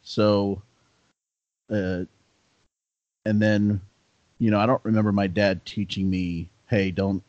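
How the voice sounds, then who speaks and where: A man in a casual podcast chat, telling stories in a relaxed, laid-back way. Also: on the low side, slow, long pauses, dry recording. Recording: slightly dull, dry sound.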